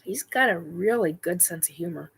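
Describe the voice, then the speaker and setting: A middle-aged woman hosting a spiritual livestream chat, talking in a halting way with many ums and self-corrections while she answers viewer questions. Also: lowish voice, creaky, fairly bright tone, breathy edge, poor audio.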